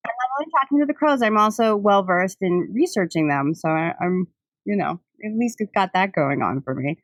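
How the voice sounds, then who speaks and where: A young woman hosts a podcast, chatting loosely with lots of filler words and frequent laughter. Her mid-range voice moves briskly with lively intonation, recorded without any echo.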